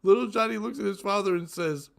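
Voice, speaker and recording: A man co-hosting a comedy podcast, reading crude jokes aloud and breaking into loud laughter. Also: sits high, quick pace, gravelly. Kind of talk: casual comedy podcast chat.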